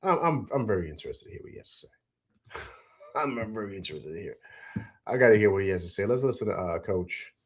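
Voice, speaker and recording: A man's voice: on the low side, lively intonation, brisk, pauses often, slightly rough. A man hosting a live-stream sports reaction show, talking emphatically to his chat viewers, repeating himself and saying "man" a lot. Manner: addresses chat viewers directly. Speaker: fan show host.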